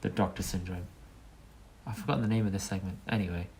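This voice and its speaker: A man's voice: low voice, steady tone, fast, gravelly, darkish tone, slight background noise. A man co-hosting a podcast, joking and bantering in casual chat. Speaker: podcast co-host.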